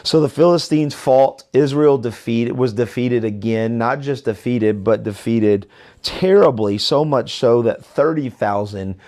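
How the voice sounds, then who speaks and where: A man's voice: medium pitch, a little slow, darkish tone. A man giving casual verse-by-verse Bible teaching in a conversational way, with many fillers and restarts and frequent check-in questions to the listener.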